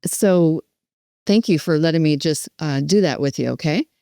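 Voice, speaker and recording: A woman educator coaching caregivers with animated, emphatic energy, acting out short examples as she teaches. Her voice is low-set and warm, and the recording is dry and close. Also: moderate pace, dry recording. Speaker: dementia care educator. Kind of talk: teaching with role-play demonstrations.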